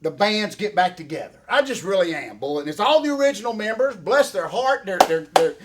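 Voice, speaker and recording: High-voiced folksy man. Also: expressive, fairly quick. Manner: folksy, rambling, repeats catchphrases. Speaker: co-host. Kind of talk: casual wrestling podcast chat.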